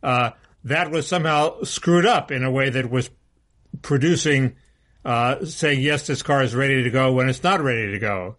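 A man's voice: medium pitch, moderate pace, fairly bright tone. Blunt, chatty man co-hosting a podcast. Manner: chatty, restarts often, blunt. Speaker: co-host. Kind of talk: casual political chat.

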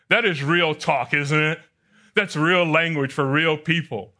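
A man's voice: fairly high pitch, measured pace, bright, forceful tone. A man preaching a sermon, asking his listeners questions and reading scripture aloud. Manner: asks the congregation questions and reads scripture aloud. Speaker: pastor.

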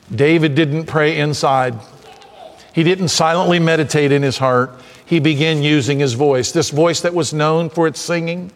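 A male pastor delivering an impassioned sermon, his voice swelling to shouts at its peaks. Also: on the high side. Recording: long reverb of a church hall.

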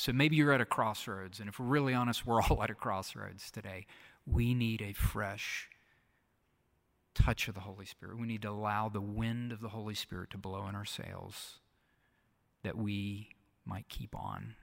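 A pastor preaching a sermon, repeating phrases and often dropping to a soft, hushed delivery. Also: male voice, lowish voice, steady tone, moderate pace. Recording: long reverb of a large hall.

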